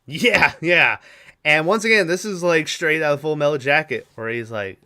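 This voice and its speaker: A man's voice: fairly high pitch, moderate pace, bright, forceful tone. A man hosting a podcast, recapping a film in a rambling, casual way, swearing and acting out lines. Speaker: podcast host.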